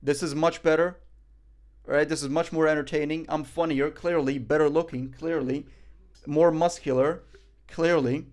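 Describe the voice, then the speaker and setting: A man's voice: on the high side, steady tone, normal speed, darkish tone. A man streaming live, reacting in casual chat; cocky, joking, profane and rambling.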